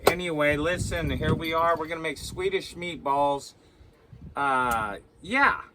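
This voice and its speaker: A man's voice: fairly high pitch, unhurried, background noise. A man hosting a casual cooking show aboard a small sailboat, rambling along and tagging nearly every sentence with "okay?".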